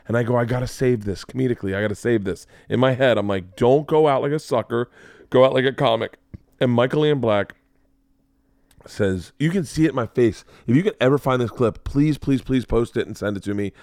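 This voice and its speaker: A man in his forties hosting a podcast, telling a long story in a rambling, animated way and acting out the quotes. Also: medium pitch, fairly quick, no echo, studio quality. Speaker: podcast host. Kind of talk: casual storytelling chat.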